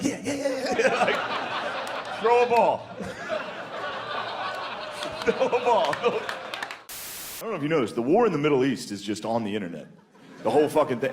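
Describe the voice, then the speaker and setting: A man performs a crude, casual stand-up set, calling the audience "dude" and leaping into loud, high character voices.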